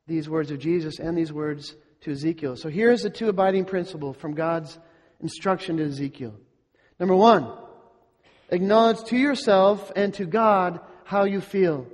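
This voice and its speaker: A man's voice: sits high, darkish tone. A middle-aged male pastor preaching a sermon, earnest and emphatic, repeating his points and asking the congregation rhetorical questions. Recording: long hall reverb.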